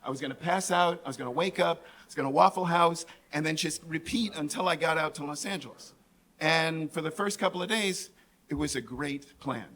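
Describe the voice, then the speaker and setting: Fairly high-pitched and fairly quick, this New York comic, thick with the local accent, acts out a funny story from his own life, checking in with the crowd with "right?" and voicing the characters energetically.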